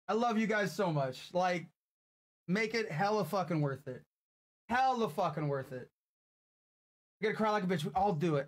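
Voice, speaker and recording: Game music plays as a young streamer talks emotionally to his viewers in a high, animated voice at normal speed, with long pauses and a faint hiss or hum. He's teary, thankful, and swears often.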